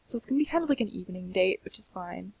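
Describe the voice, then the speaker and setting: A woman's voice: mid-range voice, lively intonation, very fast, gravelly, husky, low-quality recording. Sleepy woman half-whispering game commentary. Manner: chatty, often drops into soft half-whispers. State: sleepy, keeps yawning. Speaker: gaming channel host. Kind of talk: casual gameplay commentary.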